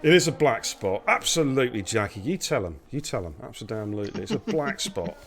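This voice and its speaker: A man's voice: medium pitch, very animated, fairly quick, a little hiss or hum. Chatty male race commentator. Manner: chatty, teasing, greets viewers. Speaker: lead commentator and host. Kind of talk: live sim racing commentary.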